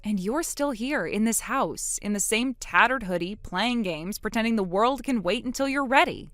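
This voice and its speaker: A woman narrating a text message story as the wife, trading sharp, sarcastic comebacks. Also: a little high, lively intonation, moderate pace, no room sound, faint music behind.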